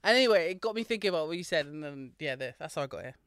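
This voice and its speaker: A man co-hosting a casual podcast chat, telling stories with lively acted-out quotes. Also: on the high side, rapid-fire, clear, resonant tone, dry recording, studio quality. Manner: animated storyteller, acts out quotes. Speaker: podcast co-host.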